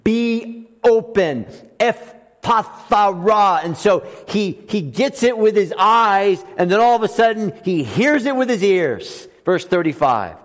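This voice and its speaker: A man preaching a sermon as pastor, swinging between loud emphatic lines and soft hushed ones. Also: high voice, sing-song, unhurried, few pauses. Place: church sanctuary. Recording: long reverb of a church hall.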